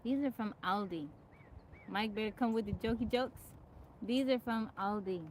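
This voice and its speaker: A woman's voice: medium pitch, moderate pace, a little mellow, slight background noise, poor audio. A woman hosting a casual live stream, chatting and greeting viewers by name from her home in the woods. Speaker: livestream host.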